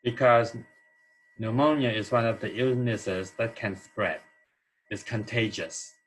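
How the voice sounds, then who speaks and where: A man's voice: lowish voice, unhurried, fairly bright tone, poor audio. A man teaching an English grammar lesson, explaining answers step by step and checking in with "okay?" as he goes.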